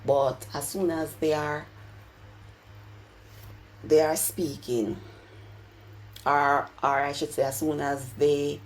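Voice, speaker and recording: A woman's voice: low-pitched, level tone, slow, long pauses, poor audio. A woman from Jamaica with a Jamaican accent, explaining things in a casual vlog and slipping into street patois phrases. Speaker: YouTuber.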